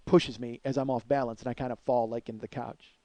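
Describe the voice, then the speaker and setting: A man's voice: mid-range voice, level tone, quick pace, dark tone, no room sound. A man in his forties hosting a comedy podcast, telling a story with plenty of swearing and "uh"s. His voice sits in an ordinary middle register. It's recorded close and dry, with no room sound at all. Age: 40s. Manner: profane, rambling, with filler words.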